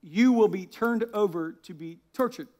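High-voiced, animated preaching man. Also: moderate pace. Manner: animated preaching, drops to a hushed tone when reading scripture; laughs at his own asides. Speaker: pastor. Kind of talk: sermon.

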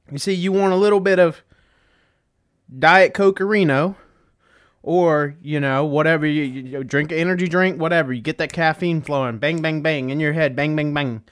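Hosting a casual solo podcast, a young man rambles and jokes, swearing plenty along the way. His voice sits on the high side at a normal speed, picked up by a desk setup with a webcam.

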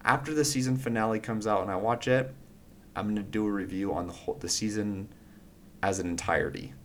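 A man with a low-pitched voice hosting a podcast in an easy, rambling style, filling pauses with "like" and "um". A faint background noise sits under his voice. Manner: casual, rambling, many fillers. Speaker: podcast host. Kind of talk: casual podcast chat.

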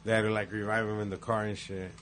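A man's voice: lowish voice, flat delivery, quick pace, fairly bright tone, slight background noise. A man telling stories in casual chat, profane and laid-back, acting out the quotes.

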